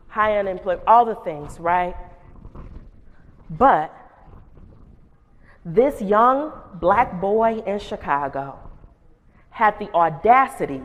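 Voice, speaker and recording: A woman principal giving a humorous storytelling keynote, animated and full of call-and-response asides to the audience. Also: a little high. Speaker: keynote speaker and school principal. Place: large conference hall. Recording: long reverb of a conference hall.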